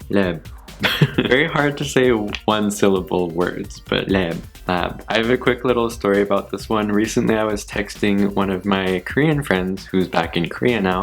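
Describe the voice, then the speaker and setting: A young man chatting casually on his channel, laughing often at himself and repeating words slowly to practice saying them. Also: fairly low pitch. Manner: giggly, self-deprecating, repeats words slowly. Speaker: YouTuber. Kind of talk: casual vlog, word list.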